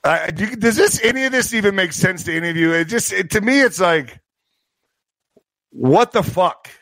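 Sarcastic male streamer reading news, high voice, dry close sound. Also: quick pace, bright, forceful tone, no echo. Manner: sarcastic, stumbles over words while reading. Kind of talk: casual news commentary.

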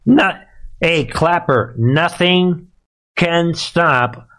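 A man's voice: a little high, extremely slow, fairly bright tone. Sarcastic man hosting a live commentary show. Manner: sarcastic, emphatic, talks straight to the audience. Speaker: host of a political commentary show. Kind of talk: live commentary to an online audience.

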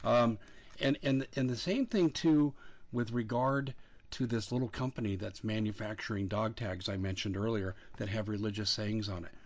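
A man hosting a talk show, speaking in a measured, assertive way. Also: lowish voice. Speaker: host.

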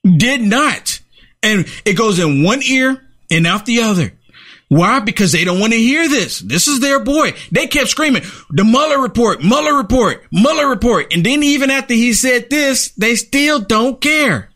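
Emphatic, high-voiced male commentator. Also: lively intonation, normal speed, sharp tone. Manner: emphatic, repeats phrases for effect. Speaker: show host and political commentator. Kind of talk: opinionated commentary chat.

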